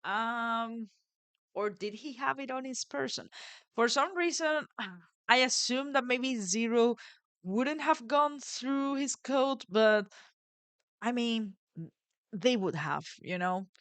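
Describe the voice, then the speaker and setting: A woman's voice: fairly high pitch, lively intonation, slow pace, fairly bright tone, smooth, no room sound. A woman giving casual let's play commentary, reading the game's text aloud and wondering aloud about the story. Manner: chatty, musing, wondering aloud.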